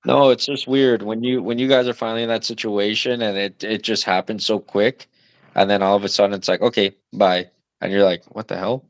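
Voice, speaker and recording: This young man in his twenties is a new father of twins, chatting loosely on a podcast. His voice sits on the low side, with a steady tone and a brisk pace, and there's no room sound. He uses lots of fillers and swears now and then.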